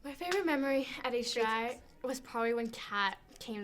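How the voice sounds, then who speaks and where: A teenage girl in a school farewell interview, teasing and animated. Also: fairly high pitch, fast. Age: teens. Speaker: student interviewee.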